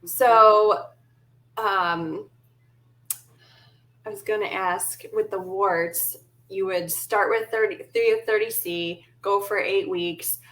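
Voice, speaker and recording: A woman interviewing a guest, speaking in a friendly, conversational way, often pausing with ums. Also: medium pitch, steady tone, fairly bright tone. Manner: friendly, hesitant with many ums. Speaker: interviewer, store host.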